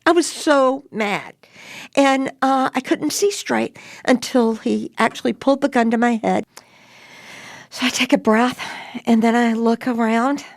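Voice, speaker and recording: An older woman recounting a frightening day from her past in a conversational, animated way, her voice climbing high when she relives yelling at intruders. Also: a little slow, gravelly, no echo, clean studio sound. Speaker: interviewee telling her story. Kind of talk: conversational storytelling.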